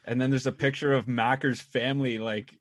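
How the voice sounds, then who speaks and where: A young man telling a long, rambling story in a relaxed casual chat. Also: mid-range voice, a little fast, very noisy. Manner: rambling, laid-back storyteller.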